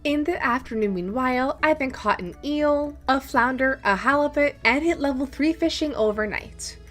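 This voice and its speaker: A young woman gaming YouTuber narrating her farming game run, gushing and excitable with frequent gasps. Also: high voice, normal speed, soft background music. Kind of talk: gameplay commentary and narration.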